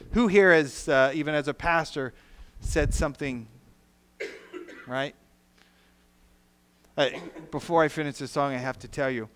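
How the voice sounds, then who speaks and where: Earnest male pastor, slightly high voice. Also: a little hiss or hum. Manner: earnest preaching, swings from soft to loud. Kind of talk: sermon. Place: church sanctuary.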